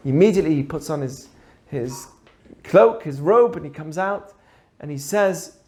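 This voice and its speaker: A man teaching through an animated story, acting out the characters as he goes. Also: fairly high pitch, normal speed. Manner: animated, acts out the voices in his stories. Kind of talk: storytelling lesson.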